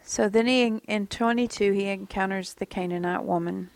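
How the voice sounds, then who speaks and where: A woman teaching from the Bible in a musing, conversational tone, sometimes sinking nearly to a whisper. Her voice has a gravelly edge, and the recording is dry and close with little room sound. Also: medium pitch, fairly even intonation, normal speed, dry recording.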